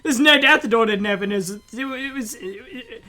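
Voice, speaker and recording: A woman's voice: a little high, a little fast, over music, close to an everyday voice. A woman voicing an earnest teenage boy protagonist in an amateur game reading, reading the text aloud and stumbling at times.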